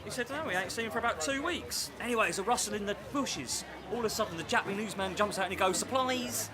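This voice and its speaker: A man telling a joke quickly and quietly to a street interviewer. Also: sits high, expressive, a loud crowd. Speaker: member of the public telling a joke.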